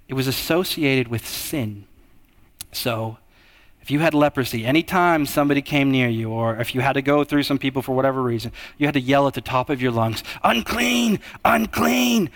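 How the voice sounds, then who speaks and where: High-voiced man preaching a sermon. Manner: expressive, swings between hushed and raised delivery.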